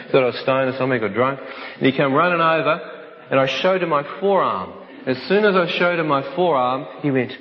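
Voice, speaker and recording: Man, mid-pitched, vivid testimony storyteller; dull recording, long hall echo. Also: a little fast. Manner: vivid storytelling that acts out other voices. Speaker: speaker telling his life story. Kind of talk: dramatic personal testimony.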